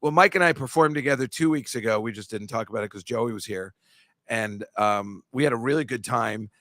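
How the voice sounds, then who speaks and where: A man hosting a podcast in casual chat, telling rambling stories and teasing listeners, with jumpy bursts of loudness. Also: mid-range voice, fairly quick, no room sound, studio quality. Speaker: podcast host.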